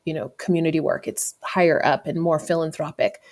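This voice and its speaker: Woman, thirties, from the US, slightly low voice, candid, reflective, conversational storytelling. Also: steady tone, fairly quick, darkish tone. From United States. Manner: candid, reflective, with frequent self-corrections and laughs. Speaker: podcast guest.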